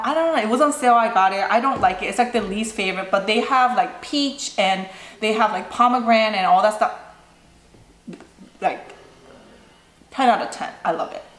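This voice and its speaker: A woman's voice: medium pitch, fairly bright tone. A young woman vlogger answering viewer questions in a casual, rambling chat, full of "like" and "you know". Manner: chatty, lots of "like" and "you know". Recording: echoey room.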